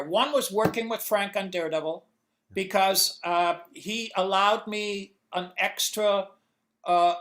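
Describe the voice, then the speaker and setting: A man guest in an interview on a video call, answering in a halting way with many restarts as he searches for words. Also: sits high, fairly bright tone. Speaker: comics inker, guest.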